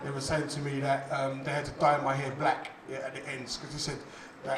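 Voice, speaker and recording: A man performing a stand-up comedy set on a club stage, animated and laughing, shouting his punchlines. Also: mid-range voice, a little fast, background noise. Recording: echoey club room, distant mic, loud crowd.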